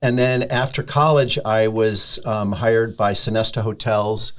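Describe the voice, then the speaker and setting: A middle-aged man from Sarasota speaks as a guest on a podcast, unhurried and easygoing as he recounts his career. His voice sits fairly low, and he pauses often with ums between thoughts. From Sarasota, Florida. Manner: relaxed storyteller, many ums. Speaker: restaurant owner, podcast guest. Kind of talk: casual interview chat.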